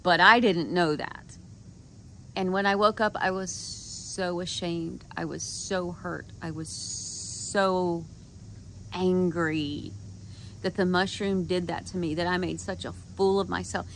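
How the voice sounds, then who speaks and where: A woman's voice: on the low side, fairly even intonation, takes it slowly, fairly bright tone, slight background noise. A woman vlogger telling a personal story in a casual monologue, candid and frank, swearing and quoting her own thoughts.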